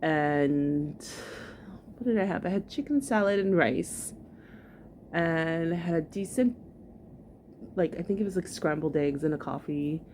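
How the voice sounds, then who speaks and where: A woman's voice: sits low, a little slow, long pauses, a little mellow, slight background noise. A woman giving chatty, gossipy reaction commentary on a video, full of "like" fillers. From New York. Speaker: commentary vlogger.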